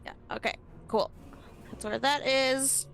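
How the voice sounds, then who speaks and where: A woman running a tabletop game as game master, relaxed and hesitant with frequent ums. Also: high-pitched, a little slow, gravelly. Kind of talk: narrating a tabletop game on a live stream.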